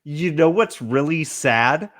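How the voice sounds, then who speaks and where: A man's voice: fairly high pitch, lively intonation, slow, crowd noise. A man hosting a casual podcast, trash-talking his friends with profane, mock-outraged rants. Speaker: podcast host. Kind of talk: casual chat.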